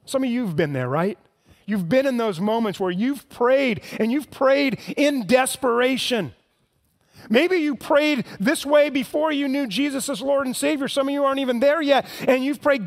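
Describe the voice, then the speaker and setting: A pastor preaches in a high, light voice, talking earnestly to his congregation. He drops to hushed tones in the tender parts and rises to impassioned pleading at the peaks. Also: animated, normal speed. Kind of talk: sermon.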